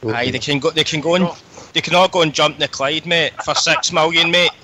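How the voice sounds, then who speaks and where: A man's voice: on the high side, a little fast, bright, forceful tone, rough recording. A man on a phone-in, enthusiastic and saying mate constantly, with many ums. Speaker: caller. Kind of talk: casual phone-in chat.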